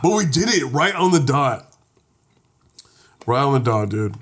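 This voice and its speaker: A man's voice: mid-range voice, measured pace, breathy edge. A young man co-hosting a comedy podcast, telling mock-serious stories in casual chat. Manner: joking, deadpan mock-serious storytelling. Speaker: podcast co-host.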